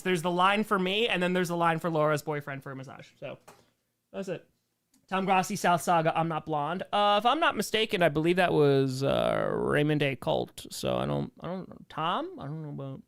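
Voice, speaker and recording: A man's voice: high voice, very animated, normal speed, vocal fry, a bit bright, clean tone. A young man hosts a members Q&A stream, reading chat and answering with dry, sarcastic humor. His voice swings widely up and down, and he laughs easily between lines. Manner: joking, sarcastic, laughs often. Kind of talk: casual livestream chat reading comments.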